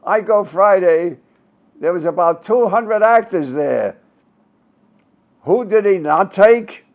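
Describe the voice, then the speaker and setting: An old man in his nineties from Brooklyn spins showbiz stories in a casual interview, building each one to a punchline. His voice is gravelly and sits a little high, and the recording sounds dull and lo-fi. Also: animated, slow. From Brooklyn, New York. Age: 90s. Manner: anecdotal, showbiz raconteur with punchlines.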